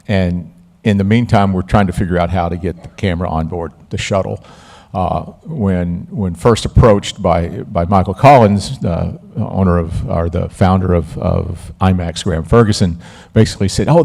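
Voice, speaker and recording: A man recalling his film camera work on a live panel, talking haltingly with many fillers and restarts. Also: deep voice, vocal fry, a little mellow. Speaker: panel guest, former camera operator. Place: museum event stage.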